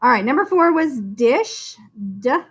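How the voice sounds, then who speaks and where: A woman teacher talks young children through a phonics spelling lesson, calling each child "friend". Her voice is high and bright. She speaks slowly, with big rises and falls. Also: sing-song. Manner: slow, sing-song, encouraging, calls the listener "friend".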